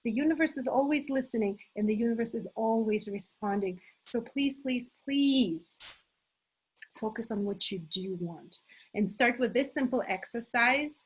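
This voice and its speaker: A middle-aged woman leading a live motivational workshop as a coach, enthusiastic and animated, talking to her listeners as "you guys". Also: on the high side, normal speed, slightly rough, rough recording. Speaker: manifestation coach hosting an online challenge.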